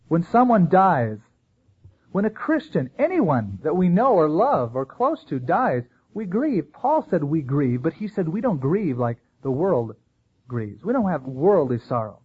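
A man preaching a sermon as pastor, lively and storytelling, acting out the people he quotes. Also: a little high, husky. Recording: tinny phone-like sound.

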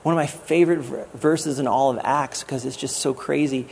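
A man's voice: medium pitch, steady tone, normal speed, creaky, a little mellow, slight background noise. A man giving a sermon as a guest pastor, in a conversational way with jokes. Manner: conversational preaching with jokes and acted quotes.

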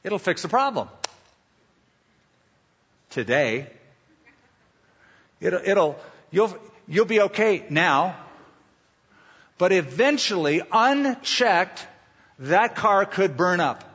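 A man's voice: sits high, big pitch swings, slow pace, long pauses, fairly bright tone, breathy edge, lo-fi sound. Man preaching in a reverberant hall. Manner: emphatic preaching with rhetorical questions and storytelling asides. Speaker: pastor. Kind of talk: sermon.

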